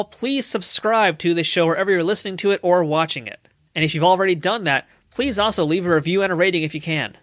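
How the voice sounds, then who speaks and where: A man's voice: fairly high pitch, fairly bright tone, no room sound, studio quality. A man hosting a podcast interview, with eager, upbeat promotional patter. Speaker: podcast host.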